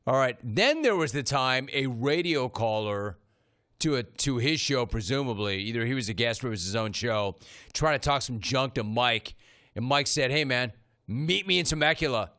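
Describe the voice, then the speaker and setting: A sports radio host, a man with a bright, forceful voice, tears through the day's stories in a brash, excitable rush. He speaks into a studio microphone in energetic sports talk. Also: medium pitch, dry recording. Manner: brash, excitable, quick commentary.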